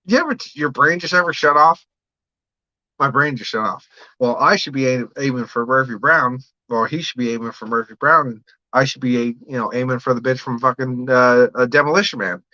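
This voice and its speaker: A man with a medium-pitched, pushed and bright voice talks a little fast on a dry, lo-fi recording with no room sound. He hosts a casual livestream as a home brewer, rambling about his brewing plans, swearing freely and answering viewer comments.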